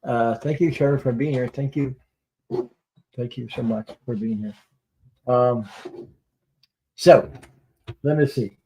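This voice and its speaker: Rambling man with a mellow voice. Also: medium pitch, slow, long pauses, highs cut off. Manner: rambling, laughs often, swears casually. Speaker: tarot reader and livestream host. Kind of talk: casual livestream chat.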